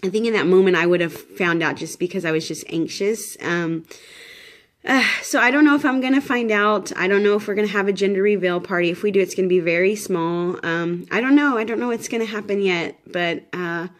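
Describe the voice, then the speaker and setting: A woman in her thirties chats to the camera about her week in a loose, rambling way, full of "um"s and restarts. She sounds tired and a little shaky, and her voice sits at an ordinary middle pitch. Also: a little fast. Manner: chatty, rambling, many fillers and restarts. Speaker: vlogger. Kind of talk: casual pregnancy update vlog.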